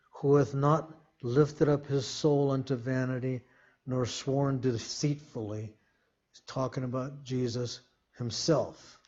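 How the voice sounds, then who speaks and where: A man preaching a sermon, reading scripture slowly and emphatically and explaining it as he goes. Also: mid-range voice, warm tone. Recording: dull lo-fi sermon recording.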